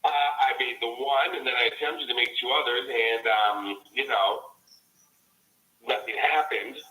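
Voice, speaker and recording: A man from Canada calling in by phone for a casual chat, blunt and excitable. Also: mid-range voice, a little slow, roomy sound, rough recording. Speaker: guest on the phone.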